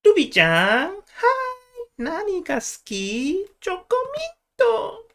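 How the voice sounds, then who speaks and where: A man voicing a cutesy young anime girl in a sing-song, drawn-out, squealing way. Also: very high voice, wildly swooping pitch, gravelly, sharp tone, voice pushed up, exaggerated voice.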